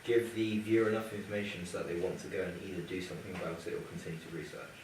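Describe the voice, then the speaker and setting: Young man with a low voice, echoey. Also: steady tone. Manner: earnest, slightly halting with restarts. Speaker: student presenting a documentary idea. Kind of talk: casual group discussion. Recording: echoey room from far off, noisy.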